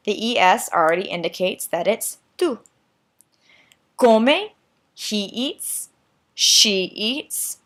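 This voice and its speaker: A woman explaining grammar at an unhurried, deliberate pace, with a voice of middle pitch. She goes through each form patiently, repeats key points and checks in with "right?" like a teacher at the board. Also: fairly bright tone. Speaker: Spanish teacher. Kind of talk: slow, patient classroom explanation.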